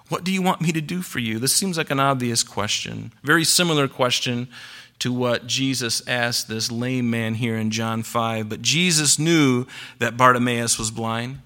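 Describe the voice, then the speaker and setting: With a sharp tone and mid-range pitch, this male pastor preaches on a Sunday, posing rhetorical questions to the congregation. He dramatizes the Bible stories as he reads them, letting his voice climb and drop.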